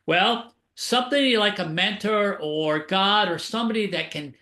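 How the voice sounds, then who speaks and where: A man's voice: high-pitched, a little slow, sharp tone, reverberant. A man, an author and keynote speaker, telling upbeat motivational stories as a radio interview guest.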